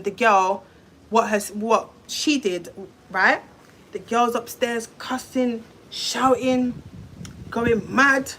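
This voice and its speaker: A woman's voice: a little high, a bit bright. A young woman telling a story to her viewers in a casual, chatty way, swearing, with lots of fillers and restarts.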